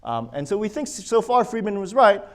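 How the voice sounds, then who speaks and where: A man's voice: high-pitched, sing-song, brisk. A man giving an academic research presentation at a conference. He walks listeners through his slides and often restarts his sentences. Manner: hesitant, with frequent restarts and fillers. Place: conference session room.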